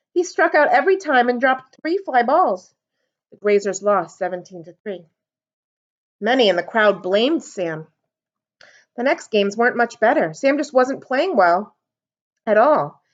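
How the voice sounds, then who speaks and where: Woman, storytime reader, expressive, lively pitch, lo-fi recording. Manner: expressive, animated. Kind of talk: reading a storybook aloud. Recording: dull lo-fi recording.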